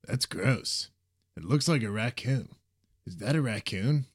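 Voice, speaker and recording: A man's voice: medium pitch, animated, measured pace, husky, voice pushed up. A man voicing a sleepy, blunt young male student in a storybook reading. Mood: dismissive. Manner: drowsy and dismissive.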